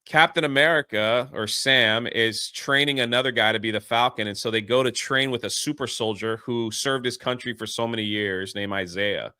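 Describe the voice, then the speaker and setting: A man's voice: mid-range voice, normal speed, few pauses, pushed and bright, clear, resonant tone, dry recording, clean studio sound. A man hosting a podcast, giving a casual, rambling spoiler recap of a movie with lots of fillers. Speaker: podcast host.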